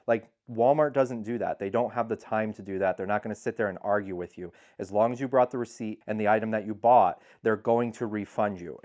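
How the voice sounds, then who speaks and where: A man with a somewhat low voice talks casually to the camera about how he handles returns as a reseller. He is frank and matter-of-fact, laying out his rules plainly. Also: fairly quick, few pauses, a little mellow. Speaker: eBay seller and channel host. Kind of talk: casual explainer talk to camera.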